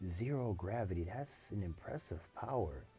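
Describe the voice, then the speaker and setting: A man's voice: deep voice, lively intonation, normal speed, warm tone, faint music behind. A man voicing a friendly teenage boy hero who talks in an earnest, encouraging way.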